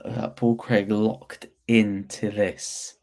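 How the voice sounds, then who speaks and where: A man's voice: on the low side, little pitch movement, very slow, vocal fry, mellow. A young man hosting a fight watch-along, chatting casually to his viewers and stumbling over his words as he comments.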